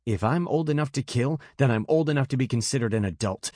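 A man's voice: mid-range voice, animated, normal speed, darkish tone, slightly rough, no echo, studio quality. A man voicing an intense, protective young man in an audiobook. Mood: pleading.

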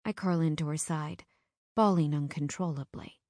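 A young adult woman narrating a first-person audiobook in an earnest, intimate, measured way. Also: lowish voice, a little mellow, no room sound, clean studio sound.

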